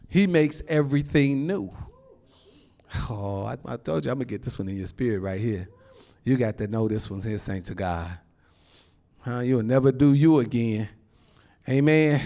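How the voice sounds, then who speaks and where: A male pastor preaching a sermon in an animated, folksy way, laughing often and calling out to the congregation. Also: mid-range voice. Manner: folksy informal phrasing.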